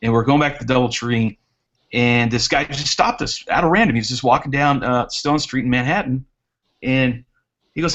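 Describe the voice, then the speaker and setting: A man's voice: mid-range voice, fairly quick, a bit bright. Male racing guest, chatty storyteller, mid-range voice, dull video-call sound. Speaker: guest drone racer. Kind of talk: casual chat on a live hangout.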